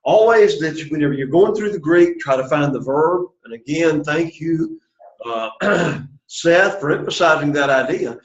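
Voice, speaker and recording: Opening his introductory Greek class with a prayer, a man with a slightly high voice then drills students patiently at a moderate pace. The room echoes, and the sound is dull and lo-fi.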